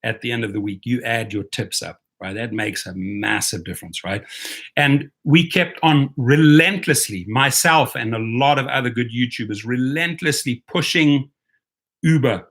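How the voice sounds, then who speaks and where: A man's voice: mid-range voice, normal speed, fairly bright tone. A man with a non-native English accent hosting a live stream, talking passionately and rallying his viewers. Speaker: rideshare YouTube host.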